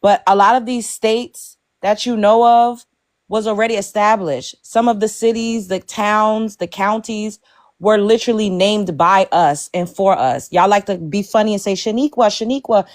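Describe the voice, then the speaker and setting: A woman's voice: mid-range voice, steady tone, moderate pace, no room sound. A woman hosting a heated panel talk, blunt and profane, hammering her points home.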